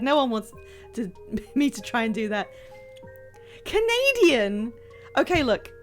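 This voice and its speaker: A woman chatting casually on a live stream while playing a game, excitable and self-deprecating, rambling from one thought to the next. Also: mid-range voice. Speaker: livestreamer playing a video game.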